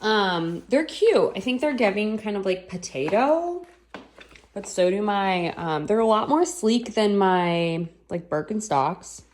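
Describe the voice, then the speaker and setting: A woman's voice: mid-range voice, animated, slow. A woman chatting casually at home in a rambling way, with many fillers. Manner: baby talk to her pets. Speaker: vlogger. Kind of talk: casual chat.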